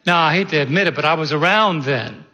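A man in his sixties, a pastor preaching a sermon, who leans slowly on key words and quizzes his congregation. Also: fairly high pitch, pushed and bright. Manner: slow, deliberate emphasis, quizzes the congregation. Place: church sanctuary. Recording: echoey hall, dull sound.

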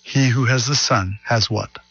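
A man pastor preaching a sermon, reading scripture slowly and deliberately and telling a story. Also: mid-range voice, a bit bright, slightly rough, dry recording, dull audio.

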